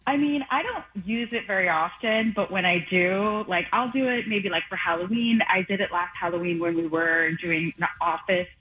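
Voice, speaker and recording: A woman calling in to a radio show, relaxed and matter-of-fact, with a husky, lowish voice. She comes through a tinny phone line. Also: normal speed, few pauses, faint music behind. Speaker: caller.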